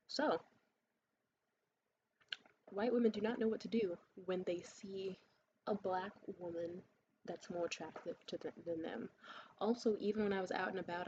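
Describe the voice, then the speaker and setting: A woman talking to camera in a blunt, profane and sarcastic rant. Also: lowish voice. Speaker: vlogger. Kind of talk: ranting monologue to camera. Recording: slightly muffled with faint hiss.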